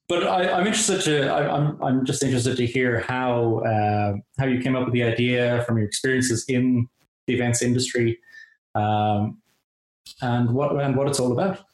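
An Irish man hosting a casual interview, talking in a friendly, rambling way with many restarts. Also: medium pitch. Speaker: host. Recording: roomy echoey audio.

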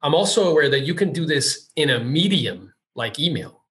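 A man's voice: on the high side, sing-song, normal speed, a bit bright. A man hosting a casual interview, eager and chatty, who retells stories with lots of filler words. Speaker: podcast host.

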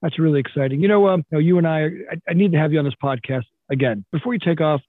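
A man hosting a podcast, talking quickly with filler words. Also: on the high side, no room sound. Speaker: podcast host. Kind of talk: casual interview talk. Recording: tinny phone-like line.

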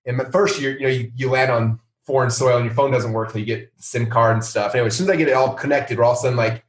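A middle-aged man, a company founder, telling a story in a casual interview and acting out the people he quotes. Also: very fast. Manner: animated, acts out quoted voices in a higher pitch. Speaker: founder and CEO of a software company. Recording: roomy sound, a bit off-mic.

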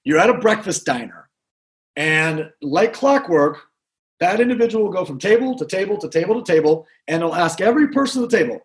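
A man giving an energetic motivational talk to a sales team. He repeats his key points and asks the crowd questions. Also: high voice, brisk. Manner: energetic, repetitive, talks to the crowd. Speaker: sales trainer.

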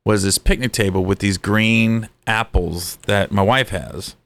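Animated man telling stories on a podcast. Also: unhurried. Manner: animated storyteller, swearing, jumps high for quoted voices. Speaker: podcast co-host. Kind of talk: casual storytelling chat.

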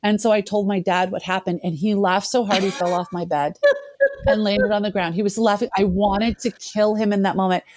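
A woman's voice: mid-range voice, fairly even intonation, moderate pace, background noise. A woman in her fifties, a guest telling a candid, self-deprecating personal story and laughing at herself.

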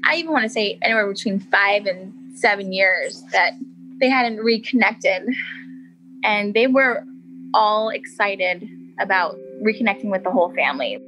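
A woman's voice: medium pitch, normal speed, sharp tone, slight background noise, low-quality recording. A woman interviewed about her half-sister, talking in a chatty way with lots of "like". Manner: chatty, heavy use of "like". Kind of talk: documentary interview.

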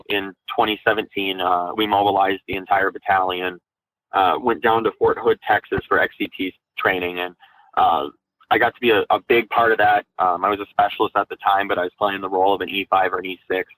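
A young man from Minnesota, an Army veteran, telling his own story candidly in an interview, with many halting fillers and restarts. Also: sits low, a bit bright, no room sound, poor audio. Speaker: guest, Army National Guard veteran.

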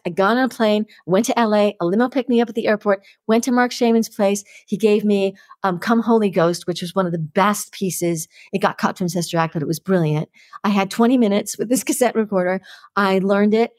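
Animated woman telling a show-business story. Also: mid-range voice, fairly quick, no echo, studio quality. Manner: lively, acts out quoted people. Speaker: actress guest. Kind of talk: storytelling anecdote in interview.

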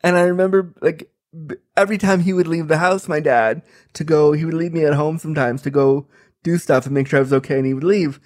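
A man's voice: on the high side, fairly even intonation, fast, darkish tone. A man in his thirties telling a comic personal story, candid and chatty, full of fillers. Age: 30s.

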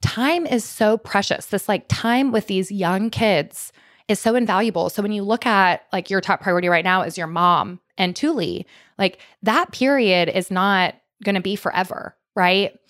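A woman's voice: mid-range voice, normal speed, a bit bright, no echo, studio quality. A woman in her thirties hosting a podcast, talking in an earnest, heartfelt, chatty way. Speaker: podcast host. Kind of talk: casual conversational interview.

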